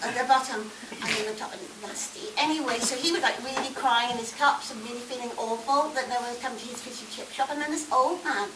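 A woman's voice: on the high side, fast talker, few pauses, lightly acted. A woman playing a cheeky, chatty newborn baby girl, telling a rambling story with giggles and constant tangents in a live comedy act. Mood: giggly. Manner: giggly, rambling, easily sidetracked. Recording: echoey, distant mic, loud background noise.

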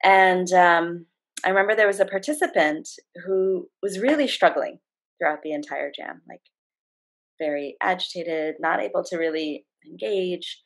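A woman's voice: on the low side, moderate pace, rough recording. A middle-aged woman on a video call, telling a story from her work as a facilitator and acting out the quotes of the people in it. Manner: warm, animated retelling with acted-out quotes. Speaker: facilitator and guest. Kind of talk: storytelling in a conversation.

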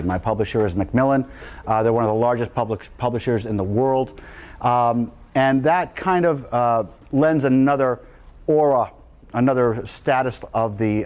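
Man, guest speaker, emphatic lecture, lively delivery, lecture room, live audience. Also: mid-range voice. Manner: emphatic, energetic speechmaking. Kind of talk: public lecture.

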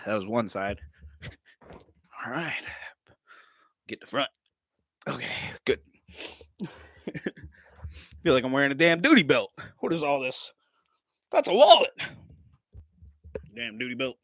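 A man's voice: mid-range voice, very animated, unhurried, long pauses, fairly bright tone, no echo. A man, chatting casually on a livestream, joking, laughing often and swearing freely. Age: 30s. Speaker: livestream vlogger.

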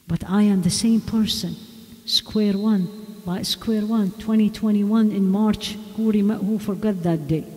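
A woman's voice: medium pitch, mellow. A woman giving a religious lecture to a women's audience, emphatic and repeating rhetorical questions to her listeners. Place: large mosque hall. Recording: long hall reverb.

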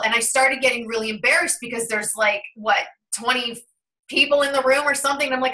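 A woman in her thirties with a bright, sharp, fairly high voice tells a personal story in a loose, chatty way. She acts out the quoted remarks as she goes. Her voice sounds a little distant from the mic. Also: fairly quick. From Ohio, USA. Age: 30s. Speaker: host of a tarot and numerology channel. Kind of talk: casual storytelling on a call.

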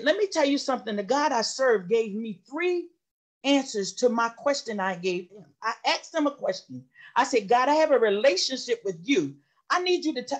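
A middle-aged woman sharing a personal testimony in an impassioned, storytelling way. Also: sits high. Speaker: study session participant.

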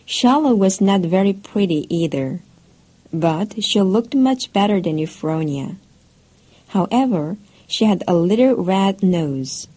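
A woman narrating a classic storybook for English learners in a clear, careful, even way. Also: medium pitch, slow pace, poor audio. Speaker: audiobook narrator.

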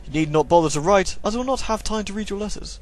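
A man's voice: high-pitched, animated, quick pace, voice pushed up. A man voicing a stern, aristocratic father who speaks formally and dismissively. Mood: cold.

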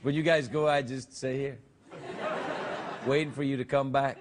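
A man's voice: medium pitch, fairly even intonation, moderate pace, crowd noise. A man with a Scottish accent hosting a late-night show with playful, wry banter. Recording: TV studio with audience noise.

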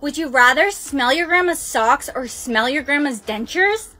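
A young woman acting out comedy skits, dramatic and whiny, mocking and quick to shriek. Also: high voice, lively intonation, pushed and bright, poor audio. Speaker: skit creator. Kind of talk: comic POV skit acting.

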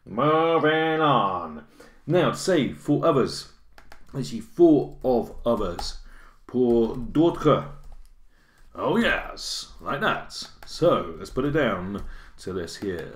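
A man teaching a recorded French lesson, chatty and encouraging, correcting himself as he types and checking in with "okay?". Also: fairly low pitch. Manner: self-correcting, thinking aloud as he types. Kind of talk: recorded online lesson with on-screen notes. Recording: echoey room.

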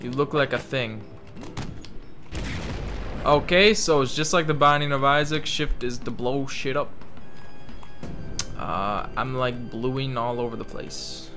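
A man's voice: mid-range voice, slow pace, long pauses, bright, forceful tone, faint music behind. A young man rambling through casual gameplay commentary, reading game text aloud mockingly, swearing freely, and talking in a joking put-on Italian-ish accent. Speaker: gaming channel host.

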